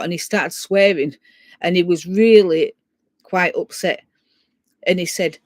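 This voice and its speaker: A woman's voice: lowish voice, steady tone, measured pace, pauses often, no room sound. Woman chatting through a ghost story, keeps going "so" and "and he said", dry close sound. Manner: chatty, retells dialogue at length, frequent "so" and "and he said". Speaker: guest sharing a ghost story. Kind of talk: casual spoken storytelling.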